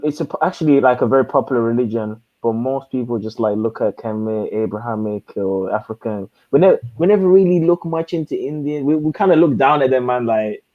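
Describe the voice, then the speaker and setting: Mid-pitched man, stream guest, rambling, dry, dull audio. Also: animated, fairly quick, hardly any pauses, dry recording. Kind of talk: casual chat.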